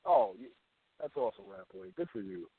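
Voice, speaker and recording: Teasing radio host on a tinny line. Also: male voice, a little high, wildly swooping pitch, fairly quick, gravelly, breathy edge, no echo. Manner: teasing, mock-incredulous. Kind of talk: comedic radio banter.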